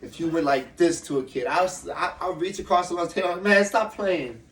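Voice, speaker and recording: A young man from Ohio, an MMA fighter, telling his story in a loose, profane, animated way during a casual interview. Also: fairly high pitch, quick pace, roomy sound. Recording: slightly distant mic with faint room noise.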